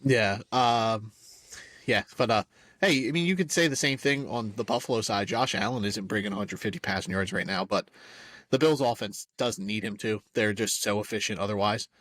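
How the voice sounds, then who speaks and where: A man's voice: on the low side, normal speed, a bit bright, no echo. Laid-back young man, dry close mic. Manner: laid-back, rambling, lots of filler words. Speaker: podcast co-host. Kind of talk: casual sports chat.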